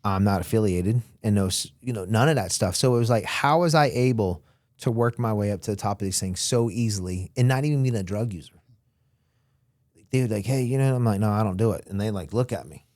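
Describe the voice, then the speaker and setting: A man's voice: fairly low pitch, a little fast, no room sound, studio quality. A man from Florida, a guest on an interview show, telling his story in casual talk and acting out what other people said. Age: young adult. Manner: animated, acts out quotes of others. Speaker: interview guest, former smuggler.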